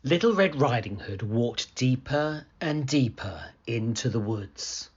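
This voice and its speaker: A man reading a children's picture book aloud as a storyteller, with an expressive, slow storytelling manner. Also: medium pitch, breathy edge, dull audio.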